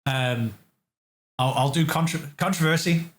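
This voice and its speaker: A man from England who designs games, telling lively studio stories as an interview guest and acting out the voices of the people he quotes. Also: a little high, a little slow. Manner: animated storyteller, acts out quotes. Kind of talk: casual interview chat. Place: living room.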